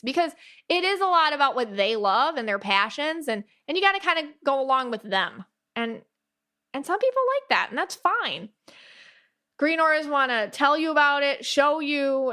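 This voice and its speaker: A woman hosting a podcast, talking in a chatty, animated way with lots of fillers and playful quoted asides. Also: medium pitch. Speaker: podcast host. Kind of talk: casual podcast monologue.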